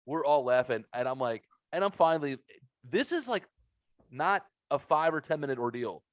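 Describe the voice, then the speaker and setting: A middle-aged man hosting a podcast, telling a story in a casual, profane and animated way. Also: on the high side, normal speed, dry recording. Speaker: podcast host. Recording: dull lo-fi audio.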